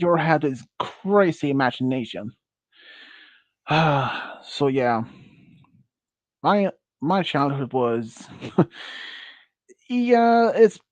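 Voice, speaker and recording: A man's voice: on the high side, darkish tone, no echo. A man chatting with friends on a stream, speaking English with a Swedish accent, rambling and correcting himself. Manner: rambling, halting, self-correcting, laughs often. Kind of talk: casual chat with friends. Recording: muffled dry close mic.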